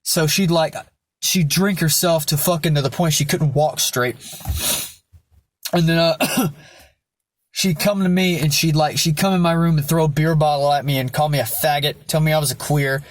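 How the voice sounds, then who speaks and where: A man's voice: a little high, fairly even intonation, moderate pace, no echo. A young man telling his personal backstory in a candid vlog, blunt and rambling, with lots of swearing. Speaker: vlogger.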